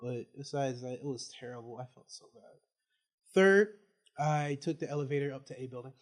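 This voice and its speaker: A male student on a casual podcast, telling an animated story and laughing as he goes. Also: medium pitch, fairly quick. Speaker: student guest.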